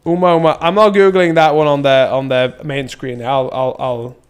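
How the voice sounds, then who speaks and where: A man's voice: mid-range voice, fairly even intonation, normal speed, smooth. A young man doing casual gameplay commentary, rambling and joking as he reads chat. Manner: joking, rambling, laughs often, silly sound effects. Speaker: streamer. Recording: faint music behind.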